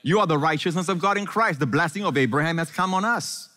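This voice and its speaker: A man preaching a sermon as pastor, animated, often asking the congregation questions and calling for amens. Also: a little high, quick pace, big-room sound.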